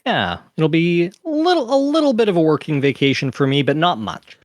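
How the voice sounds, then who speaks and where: A man's voice: a little high, very animated, brisk, dry recording, clean studio sound. A man hosting a podcast, talking in an earnest, casual way and often restarting his sentences. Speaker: podcast host.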